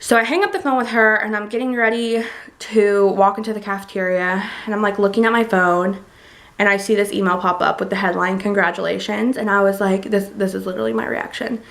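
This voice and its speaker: In her chatty vlog, a young college student speaks in a gravelly, mid-range voice, a little fast, retelling a personal story. She fills it with likes and ums and grows excited as it unfolds.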